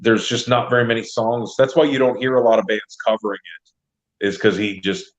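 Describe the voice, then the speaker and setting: A man telling stories in casual podcast chat, animated and full of "like". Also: fairly low pitch, fairly quick. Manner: animated storyteller, heavy use of "like". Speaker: podcast guest, comedian and wrestling trainer. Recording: dull lo-fi sound.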